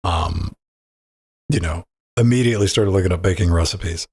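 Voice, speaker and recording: A man with a low, husky voice talks on a gaming podcast. He rambles in loose banter, restarts his sentences and swears without a second thought. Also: moderate pace, a little mellow. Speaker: podcast co-host.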